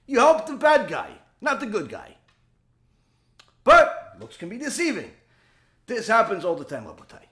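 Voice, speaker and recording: High-voiced rabbi telling animated stories. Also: male voice, normal speed, long pauses. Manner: animated storytelling, acts out dialogue. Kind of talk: Torah lecture.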